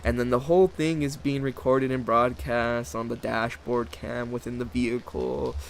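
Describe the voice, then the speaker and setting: A man's voice: mid-range voice, flat delivery, moderate pace, creaky, slight background noise. A man hosting his own channel, rambling through a sarcastic, profanity-heavy rant and mocking other people's voices. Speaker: channel host. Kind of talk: rambling ranting monologue.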